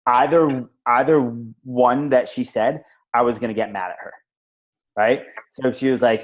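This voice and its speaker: A man's voice: mid-range voice, steady tone, moderate pace, poor audio. A man on a group call telling a personal story casually, rambling with lots of fillers and the odd swear word. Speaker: call participant.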